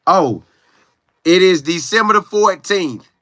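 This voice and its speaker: Lively, bright-voiced man chatting with viewers. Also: on the high side, moderate pace, no echo, studio quality. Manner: animated, chatty, sings and riffs, reads viewer comments aloud. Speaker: sports commentary streamer. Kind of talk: casual live-stream chat.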